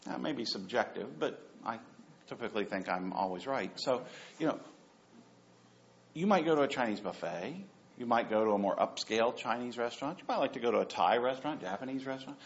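A man preaching a sermon as pastor, animated and joking, repeating phrases for emphasis. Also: medium pitch, fairly quick. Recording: dull lo-fi sound.

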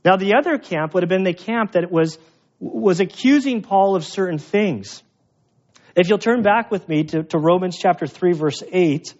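A man preaching with a higher voice. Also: moderate pace, highs cut off. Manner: conversational, emphatic, with self-deprecating humor. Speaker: pastor. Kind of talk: expository sermon.

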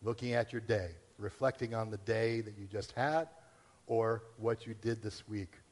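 A man's voice: on the low side, moderate pace. Man preaching in a reverberant hall. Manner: conversational preaching with acted-out inner questions. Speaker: pastor. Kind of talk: sermon.

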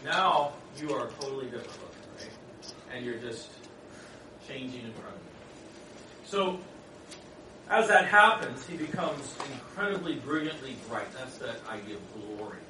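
A middle-aged man preaching a sermon, telling stories in an animated way and acting out the people in them. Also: medium pitch, normal speed. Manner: animated storytelling with laughs and acted voices. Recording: echoey room from far off, noisy.

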